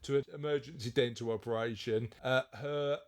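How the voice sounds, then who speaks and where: A man's voice: medium pitch, steady tone, normal speed. A man co-hosting a podcast in casual, jokey banter, often laughing and teasing. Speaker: podcast co-host.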